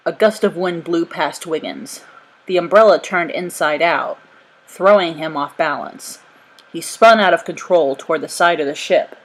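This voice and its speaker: A woman narrating a chapter book aloud in a steady, expressive reading voice. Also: on the low side, moderate pace, rough recording. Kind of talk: storybook read-aloud.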